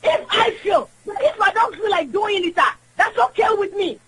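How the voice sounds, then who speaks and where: A woman's voice: very high voice, expressive, moderate pace, noisy background. A woman calling in to a radio show, speaking with impassioned emphasis and mixing English into her talk. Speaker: caller. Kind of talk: radio call-in opinion.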